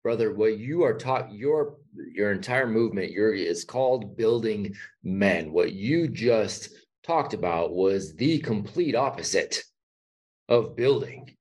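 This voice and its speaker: A man's voice: on the low side, expressive, slow pace, darkish tone, husky. A man hosting a podcast interview, reflective and searching for words as he asks questions. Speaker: podcast host. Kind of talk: interview conversation.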